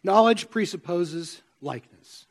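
Man, pastor, high-pitched voice, conversational sermon, asks the congregation questions, church sanctuary. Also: expressive, a little slow.

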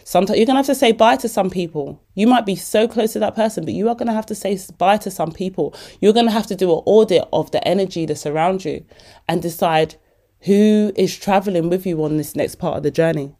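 A woman hosting a podcast, giving casual motivational talk in an animated, chatty way, laughing often. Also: medium pitch, quick pace. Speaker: podcast host.

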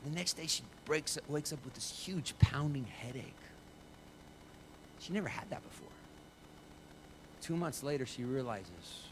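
A man preaching as a pastor, telling a story with lively quoted voices before a congregation. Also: mid-range voice, a little slow, long pauses, noisy background. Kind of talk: sermon with storytelling. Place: church stage before a congregation.

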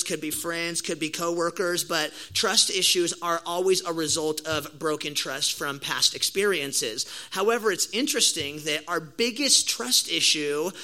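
Bright, high-voiced young man preaching. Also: low-quality recording. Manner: storytelling, casual slang, animated. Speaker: pastor. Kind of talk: sermon.

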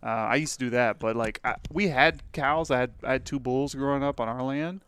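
A man's voice: a little fast, clear, resonant tone, no echo. A young man from Texas with a faded Texan accent, telling stories in casual podcast chat. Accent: Texan, mostly faded. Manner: storytelling with lively pitch. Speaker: podcast co-host.

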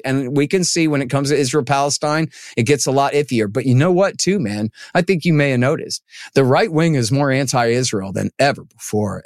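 A man as an interview guest, talking in an animated, emphatic way and acting out the people he quotes. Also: a little high, dry recording, clean studio sound. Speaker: podcast guest, antiwar writer. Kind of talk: casual interview talk.

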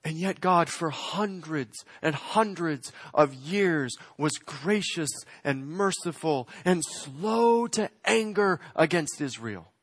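Man, pastor, sermon, dynamic swings in volume, slightly high voice, dry sound. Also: animated, no echo. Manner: dynamic, swings between loud emphasis and quiet, slowed phrases.

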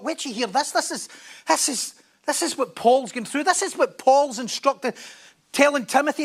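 A man preaching a sermon in an animated, joking way, often repeating words. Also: very high voice, fairly quick.

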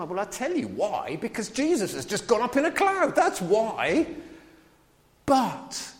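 A man preaching a sermon in a church, lively and chatty, with asides to his listeners. His voice sits a little higher than most men's. A long reverb hangs on it from the hall. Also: measured pace.

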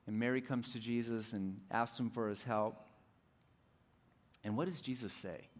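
A young adult man preaching a sermon as pastor, animated, dropping to soft intimate tones at times. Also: mid-range voice, normal speed.

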